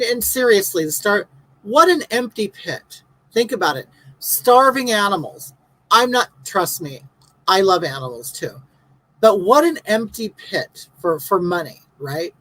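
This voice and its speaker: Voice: medium pitch, fairly bright tone, low-quality recording. A livestream host in their fifties, chatting casually with viewers and reading out their comments in a blunt, sarcastic, ranting way. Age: 50s.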